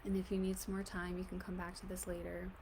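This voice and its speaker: A woman coaching an emotional tapping exercise in a gentle, reassuring, casual way, often saying "like". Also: fairly low pitch, monotone, fast, a little hiss or hum. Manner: casual, fills speech with "like". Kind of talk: guided tapping session.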